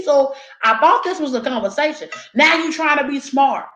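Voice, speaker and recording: Woman, blunt, opinionated, casual chat, fairly high voice, roomy echo. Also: lively intonation, moderate pace, few pauses, a bit bright. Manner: blunt, opinionated, swears freely. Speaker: vlogger. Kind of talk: casual talk while eating, reading chat.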